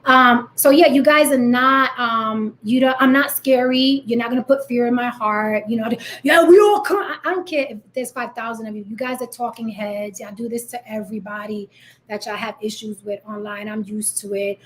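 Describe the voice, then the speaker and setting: A woman's voice: a little high, flat delivery, normal speed, a bit bright, a little hiss or hum. A woman in her thirties from the Bronx with a New York accent, talking bluntly and defiantly to her viewers in a vlog. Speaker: vlogger. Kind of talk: direct-to-camera rant.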